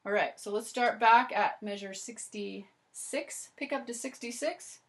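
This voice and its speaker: Woman violin teacher, fairly high voice, chatty, encouraging, loud violin playing between phrases. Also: a little slow, over loud music. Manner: chatty and encouraging, with lots of "so" and "okay". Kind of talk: instructional video lesson.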